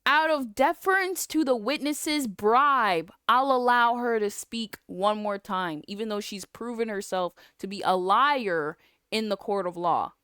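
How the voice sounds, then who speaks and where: A woman's voice: medium pitch, quick pace, hardly any pauses, a bit bright, smooth, no room sound, studio quality, lightly acted. A woman voicing a pompous older male judge in a courtroom game, reading his rulings in a formal way.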